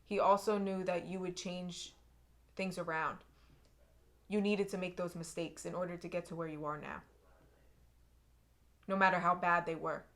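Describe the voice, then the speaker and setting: A young woman with a somewhat low, slightly bright voice gives her viewers a tarot reading directly, earnest and full of feeling. She keeps a steady tone at normal speed, pausing often, repeating herself and restarting sentences.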